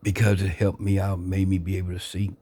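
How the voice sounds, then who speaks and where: A man earnestly sharing his life story into a phone camera, reflective and unhurried. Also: low voice, monotone, warm tone. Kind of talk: personal testimony, casual talk.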